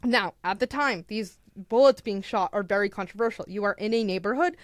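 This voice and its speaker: A young woman on a podcast, retelling a true crime story in a casual, animated way, full of "like" and acted-out quotes. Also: medium pitch, a little fast, no echo, clean studio sound. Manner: animated, acts out quotes, filler "like".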